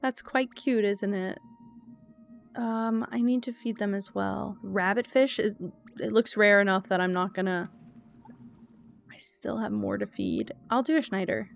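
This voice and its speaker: A woman's voice: medium pitch, steady tone, unhurried, gravelly. Chatty woman streaming a cozy game. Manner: rambling, chatty, reads chat aloud. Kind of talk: casual gaming stream chat.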